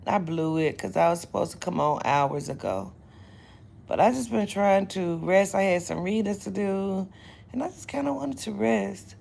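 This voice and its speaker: Gravelly, slow-talking woman. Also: fairly low pitch, slight background noise. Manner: profane, loud, laughing storyteller. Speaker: psychic livestream host. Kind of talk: casual livestream chat. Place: bedroom, indoors.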